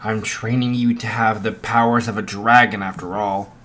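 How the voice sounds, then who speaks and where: A man's voice: fairly low pitch, fairly even intonation, moderate pace, a bit bright, lightly acted. A man voicing a mighty, fatherly male fire dragon who talks in a boastful, teasing way.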